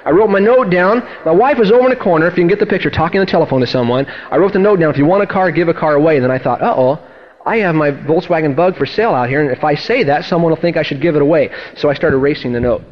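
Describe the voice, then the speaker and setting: Man, pastor, sermon storytelling, quick delivery, high voice, muffled old recording. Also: slight background noise. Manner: animated storyteller acting out dialogue, swinging from loud to hushed. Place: church service. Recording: dull lo-fi sermon tape.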